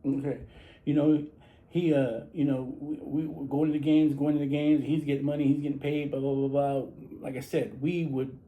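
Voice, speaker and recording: Man, mellow, slightly high-pitched, rambling, repetitive, casual barbershop talk. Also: level tone, moderate pace, low-quality recording. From San Antonio, Texas. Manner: rambling, repeats himself, many restarts. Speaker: barber talking basketball. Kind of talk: casual monologue to camera.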